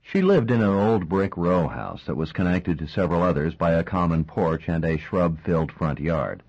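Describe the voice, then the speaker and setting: Deep-voiced man narrating an audiobook. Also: moderate pace, breathy edge, muffled recording.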